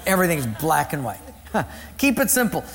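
High-voiced pastor preaching in an echoing hall. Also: male voice, sing-song, normal speed, vocal fry, fairly bright tone. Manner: storytelling with playful voices and laughter. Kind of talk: sermon.

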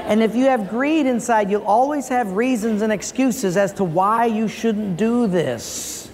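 A man's voice: high-pitched, unhurried, hardly any pauses, in a large hall, crowd noise. A man preaching a sermon as pastor, telling stories and acting out voices in a joke. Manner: animated storytelling, acts out voices in a joke.

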